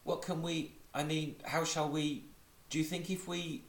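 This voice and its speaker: A man voicing a gentle, simple male bear in a storybook reading, speaking hesitantly. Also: on the low side, big pitch swings, fairly quick, pitched above the performer's own voice. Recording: roomy echo.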